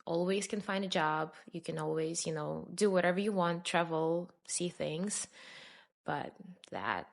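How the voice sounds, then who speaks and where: A woman's voice: on the low side, measured pace, creaky. Russian-born woman chatting on a podcast, easygoing, lots of um and like. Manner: chatty, many fillers, laughs between answers. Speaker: podcast guest. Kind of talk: casual interview answers.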